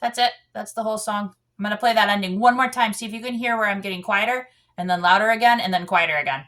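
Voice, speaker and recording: A fast-talking woman with a medium-pitched, fairly bright voice gives a piano lesson. She's patient, demonstrating by singing the counts as she plays, while piano music fills the background.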